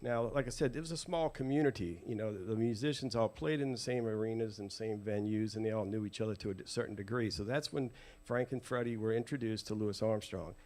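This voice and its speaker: A man, a guest telling family stories to a live audience in an animated way, acting out quoted voices. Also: lowish voice, fast talker, few pauses. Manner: lively, acts out quoted voices, laughs often.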